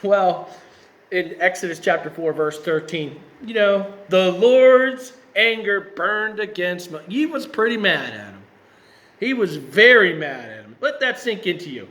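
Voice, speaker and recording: A man's voice: high voice, expressive, measured pace, sharp tone. A man preaching a sermon in a conversational way, tossing in rhetorical questions. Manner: conversational, with rhetorical asides and self-corrections.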